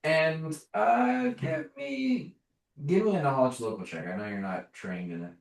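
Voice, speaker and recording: A man running a tabletop game as game master, narrating in a halting way with lots of fillers. The recording is roomy, with the mic at a distance. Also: fairly low pitch, very animated. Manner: halting, many fillers, laughs often.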